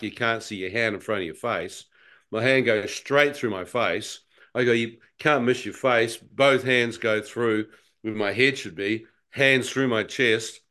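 A man giving an animated, slangy personal testimony as a guest. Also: mid-range voice. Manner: animated storyteller, acts out his own thoughts, slangy. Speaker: guest telling a near-death testimony.

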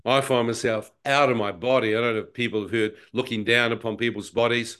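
A man giving an animated, slangy personal testimony as a guest. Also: mid-range voice, fairly quick, smooth. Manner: animated storyteller, acts out his own thoughts, slangy. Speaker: guest telling a near-death testimony.

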